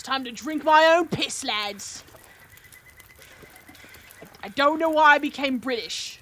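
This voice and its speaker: A woman chatting over her gameplay stream, joking with her viewers and swearing freely. Her voice sits fairly high and swings widely in pitch. A faint noise hangs behind her. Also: pushed and bright. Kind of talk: casual gameplay commentary.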